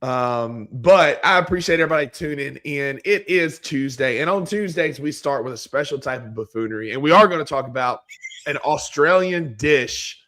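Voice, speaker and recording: An American man hosting a sports podcast in a relaxed, chuckling way, his voice scratchy and hoarse because he is losing it. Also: on the high side, moderate pace. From United States. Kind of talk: casual sports podcast chat.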